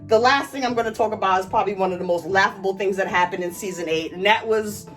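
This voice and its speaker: A woman's voice: mid-range voice, quick pace, a bit bright, soft background music. A woman vlogger ranting in angry, emphatic commentary, stretching out words for stress.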